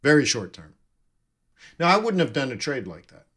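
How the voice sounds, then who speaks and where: A man's voice: mid-range voice, sing-song, moderate pace, a bit bright, breathy edge. A man giving live trading commentary, thinking aloud and correcting himself as he reads numbers off charts. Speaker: forex trading streamer.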